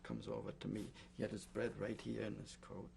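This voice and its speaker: An older man recounting his memories in an oral history interview, speaking in a halting way with many pauses and fillers. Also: fairly low pitch, level tone, vocal fry, a little mellow, a little hiss or hum. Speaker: Holocaust survivor giving testimony.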